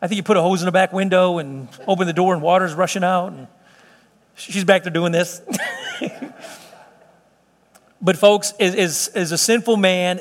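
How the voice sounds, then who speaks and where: A man preaching as pastor in a church, earnest and emphatic with folksy asides, then leading a prayer. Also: high voice. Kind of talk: sermon and closing prayer. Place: church sanctuary. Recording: long hall reverb.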